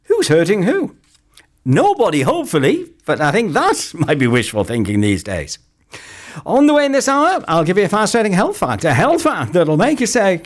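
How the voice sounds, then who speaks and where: A man's voice: huge pitch swings, normal speed. A man presenting a weekend local radio show in a chatty, jokey way from a studio mic. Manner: chatty and jokey, pitch leaping up and down. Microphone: close studio mic.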